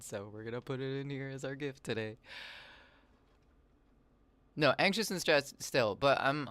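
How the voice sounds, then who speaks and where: Low-voiced man chatting on a casual livestream. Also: a bit bright, smooth. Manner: rambling, reads and answers chat messages aloud. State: voice slightly raw, recovering. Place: home, with cats nearby. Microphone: desk microphone.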